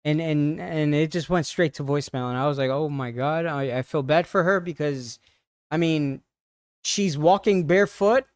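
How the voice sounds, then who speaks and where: A man on a livestream retelling an upsetting encounter in a halting, shaken way, with many restarts. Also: a little high, no room sound, clean studio sound. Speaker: streamer. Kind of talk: casual storytelling on a livestream.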